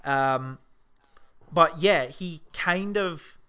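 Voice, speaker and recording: Excitable, bright-voiced man chatting about films. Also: on the high side, very slow, clear, resonant tone. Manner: rambling, swears often, excitable. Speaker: podcast co-host. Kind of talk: casual film discussion.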